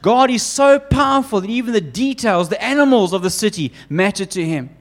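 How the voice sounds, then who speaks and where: Man, sermon, high-pitched, emphatic, animated, repetitive lists. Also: brisk. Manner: acts out quoted voices of God and Jonah. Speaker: preacher.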